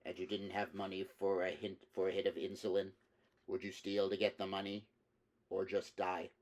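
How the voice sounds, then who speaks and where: A man voicing an undercover male officer who delivers a rote speech with measured pauses. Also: sits low, flat delivery, close to an everyday voice. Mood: faltering.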